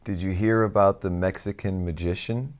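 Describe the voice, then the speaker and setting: A man's voice: low-pitched, moderate pace. A middle-aged man co-hosting a podcast in casual banter, joking and often slipping into put-on voices. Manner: jokey, animated, breaks into put-on voices and laughs. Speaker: podcast co-host.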